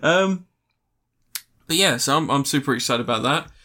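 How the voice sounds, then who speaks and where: A man's voice: mid-range voice, expressive, normal speed, sharp tone. A young man hosting a podcast, chatty and sweary, laughing often. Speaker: podcast host. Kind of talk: casual chat.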